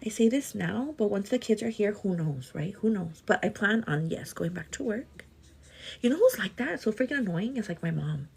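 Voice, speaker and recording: A woman's voice: mid-range voice, expressive, moderate pace, creaky, a little mellow, husky. A woman in her thirties, chatty and casual, doing makeup on a livestream while answering viewer comments and calling them "girl". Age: 30s. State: pregnant with twins. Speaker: livestream host.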